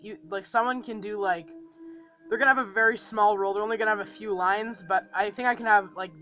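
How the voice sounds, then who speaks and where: A man's voice: high voice, pushed and bright, poor audio. A man casually running through a fan series plot and casting call, rambling with frequent ums and restarts.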